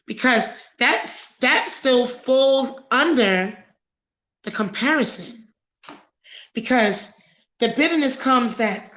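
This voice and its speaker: Female host, fairly high and slow-paced, animated and preachy, overheated under studio lights. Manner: animated, preachy, laughs a lot. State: overheated and sweating. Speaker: podcast host. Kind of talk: casual talk-show discussion.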